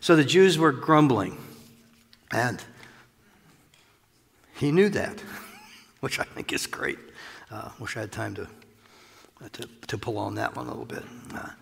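A man's voice: mid-range voice, a little slow, vocal fry, pauses often, slightly rough. A man preaching a sermon as pastor, talking in a loose, conversational way with chuckles and asides, recorded in a church sanctuary. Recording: long reverb of a large hall.

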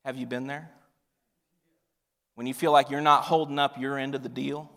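A male pastor preaching a sermon, swinging from loud emphatic lines to hushed near-whispers. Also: mid-range voice, flat delivery, normal speed. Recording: long reverb of a large hall.

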